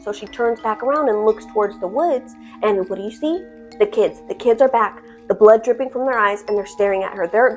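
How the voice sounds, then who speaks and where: Profane, dramatic woman storyteller. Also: fairly high pitch. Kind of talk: casual horror storytime.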